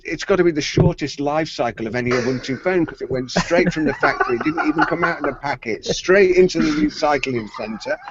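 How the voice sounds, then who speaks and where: The story comes from a middle-aged tech podcast co-host, who playfully acts out quoted voices during casual tech chat. His voice is a little high. Heavy background noise sits in a recording that is otherwise dry and slightly muffled.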